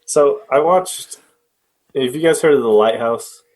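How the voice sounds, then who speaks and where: A man's voice: medium pitch, unhurried, darkish tone. A young man co-hosting a podcast in casual chat, easygoing and chuckling as he tells stories. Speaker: podcast co-host.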